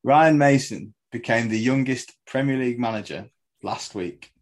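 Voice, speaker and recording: A man's voice: medium pitch, normal speed, slight background noise, low-quality recording. A man co-hosting a casual football podcast, setting trivia questions with frequent laughs. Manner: quizzing with trivia, laughing often. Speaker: podcast co-host.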